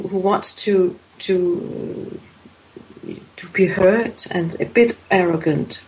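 A woman speaks slowly in an interview, weighing each phrase. She pauses often and restarts her sentences. Her tone stays thoughtful as she explains. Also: medium pitch, darkish tone, poor audio. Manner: hesitant, many fillers and restarts. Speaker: voice expert guest. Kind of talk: interview answers.

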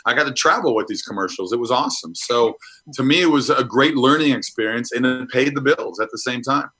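A man's voice: mid-range voice, brisk, bright, forceful tone, husky, rough recording. A middle-aged man from Minnesota, a guest actor talking frankly about his career in a casual interview.

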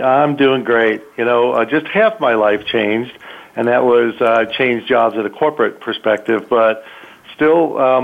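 Male guest, relaxed rambler, mid pitch, tinny phone-line sound. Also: vocal fry. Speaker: panel guest, sales executive. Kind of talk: casual chat.

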